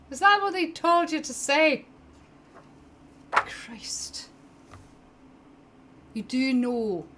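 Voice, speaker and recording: Woman playing a dry, mocking barber, a sardonic man who talks over the group, pitched a touch higher than her own easy voice and louder, with a faint hiss of room sound behind. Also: exaggerated voice. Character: sardonic male barber, secret contact.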